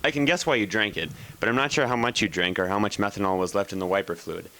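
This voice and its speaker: A man voicing a wry, calm talking desert rattlesnake who speaks in a dry, matter-of-fact way. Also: on the low side, quick pace, noisy background, close to an everyday voice.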